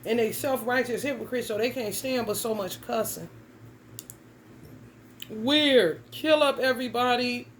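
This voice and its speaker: A woman's voice: on the high side, unhurried, long pauses, slight background noise, rough recording. A young adult woman giving a casual tarot reading, talking bluntly and emphatically with plenty of cursing and slang. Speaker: tarot reader.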